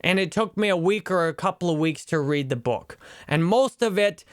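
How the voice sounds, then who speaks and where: A man's voice: high voice, animated, moderate pace, clean tone, dry recording, studio quality. A man in his thirties, an online instructor, talking earnestly and openly about a book and his own life. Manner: earnest, personal, emotionally open. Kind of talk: reflective book review talk.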